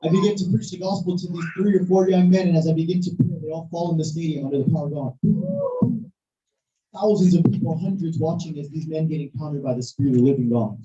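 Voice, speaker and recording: A preacher telling a story in a sermon, animated and at times shouting, recorded in a church hall. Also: mid-range voice, quick pace, soft background music. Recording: echoey, distant, muffled hall recording.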